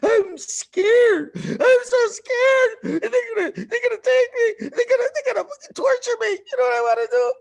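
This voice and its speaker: A man's voice: very high-pitched, very animated, moderate pace, vocal fry, hardly any pauses, voice pushed up, exaggerated voice. A man doing a wailing, terrified tribesman. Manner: crying, panicked shouting.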